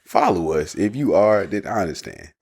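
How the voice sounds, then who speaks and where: A man co-hosting a casual podcast chat, relaxed and teasing, chuckling often. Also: deep voice, moderate pace, creaky, slight background noise. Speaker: podcast co-host.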